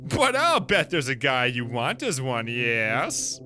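A man's voice: mid-range voice, huge pitch swings, slow, over music. A man voicing a vain, huffy tooth fairy who scolds in a prissy way, reading video game dialogue aloud. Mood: fussy.

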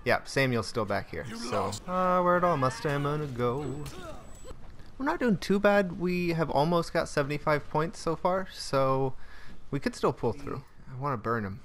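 A man's voice: mid-range voice, a bit bright. A young man hosting his own channel, giving playful, joking commentary over his gameplay and now and then singing a silly made-up song. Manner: joking, playful, sings improvised silly songs. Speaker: gaming channel host.

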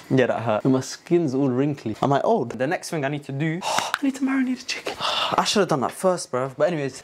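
A man's voice: medium pitch, expressive, brisk. A young man, rambling and joking to himself while he cooks. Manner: jokey, rambling self-talk, flustered and stressed. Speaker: vlogger cooking for his family. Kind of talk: casual chatty vlog. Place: home kitchen. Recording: noisy kitchen recording.

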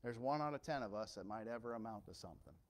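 A male pastor preaching a sermon with impassioned swings from quiet storytelling to loud emphasis. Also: lowish voice, lively intonation, fast talker.

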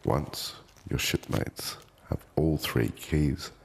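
Man, announcer, gravelly, breathy, deliberate, formal, reverberant. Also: very deep voice. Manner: measured, commanding, deliberate. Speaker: show announcer giving instructions. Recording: long reverb on the voice.

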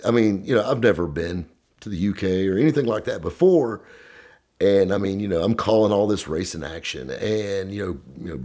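Guy rambling thru a story, low gravelly-ish voice, lots of you know. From American South. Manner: animated, drawling, heavy on "you know" fillers. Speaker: storyteller guest. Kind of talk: casual storytelling.

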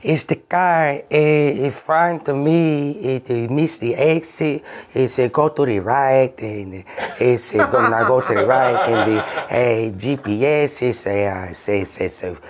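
A man voicing a flustered woman driver who speaks halting, broken English. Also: very high-pitched, big pitch swings, fairly bright tone, voice pushed up, heavily acted. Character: flustered woman ride-share driver, lost.

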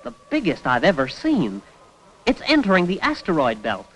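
A man's voice: high voice, wildly swooping pitch, normal speed, a bit bright, slight background noise, exaggerated voice, poor audio. An actor voicing a young, curious male Earthman assistant working on Mars in a 1960s cartoon.

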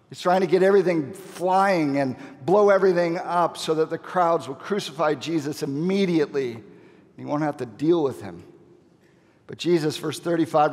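Male pastor, sermon delivery, repeats for emphasis, slightly high voice, echoing sanctuary. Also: a little mellow. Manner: emphatic, dramatic pauses, repeats key phrases. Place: large church sanctuary. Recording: long reverb of a church hall.

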